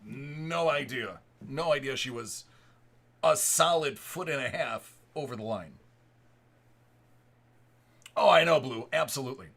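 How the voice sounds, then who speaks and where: A man's voice: medium pitch, unhurried, long pauses, fairly bright tone. A man in his thirties, a live stream host, telling a story to his chat in a rambling way with many restarts. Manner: rambling, restarts and repeated words.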